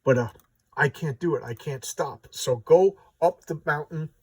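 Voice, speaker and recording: A man doing a gruff old-timey wizard. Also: fairly high pitch, a little slow, no room sound, distant mic. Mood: commanding. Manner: old-timey formal rural speech. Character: older male rock-shaping wizard, gruff and proud.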